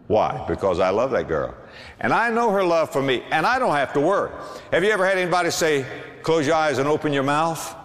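A man preaching a sermon to a congregation, animated, with big swings and emphatic bursts. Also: medium pitch, brisk, long reverb tail. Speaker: pastor.

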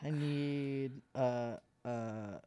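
A woman's voice: rumbling low, very slow, mellow, smooth. Rambling, jokey woman podcast host. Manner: rambling and jokey, with frequent restarts. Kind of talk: casual chat.

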